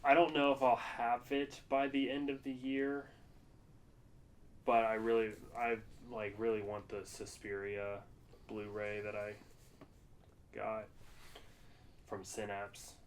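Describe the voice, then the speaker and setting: A man's voice: lowish voice, little pitch movement, slow pace, long pauses, slight background noise. A man co-hosting a podcast in casual chat, telling stories in a rambling way with plenty of fillers and swearing. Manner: rambling, profane storytelling with lots of fillers. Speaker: podcast co-host.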